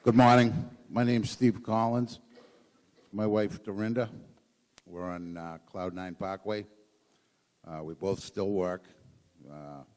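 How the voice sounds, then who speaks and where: A man introducing himself and his wife at a community meeting, halting with fillers. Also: on the low side, steady tone, darkish tone. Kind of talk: self-introduction. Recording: echoey hall, distant mic.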